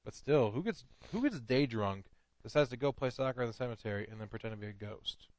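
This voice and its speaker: A man co-hosting a comedy podcast in casual chat, laughing often and getting excited. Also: mid-range voice, fast talker, dry recording. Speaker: podcast co-host.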